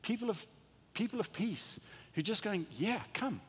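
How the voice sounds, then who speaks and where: A male pastor preaches with lively energy, slipping into voices for small imagined exchanges and tripping over his own restarts. His voice sits fairly high for a man and comes across a little husky. The sound carries a long reverb from a big church hall. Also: normal speed. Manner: animated, acts out little dialogues with stammering restarts. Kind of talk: sermon.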